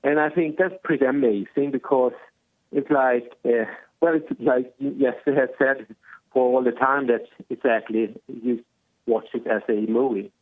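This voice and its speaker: Male caller, halting and unsure; phone-line audio. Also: fairly even intonation. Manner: hesitant, many fillers, pitch jumps up often. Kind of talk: phone-in chat.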